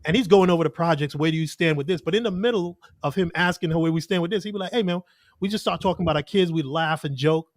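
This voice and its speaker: Man, podcast guest, earnest storyteller, higher voice. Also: quick pace, hardly any pauses, dry recording, studio quality. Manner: earnest storytelling with lots of "like" and quoted asides. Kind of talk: casual podcast conversation.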